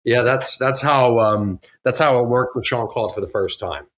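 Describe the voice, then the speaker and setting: Animated middle-aged man telling stories. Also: mid-range voice, a little slow. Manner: animated, acts out quotes from others, laughs often. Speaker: podcast guest, actor. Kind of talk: casual interview storytelling.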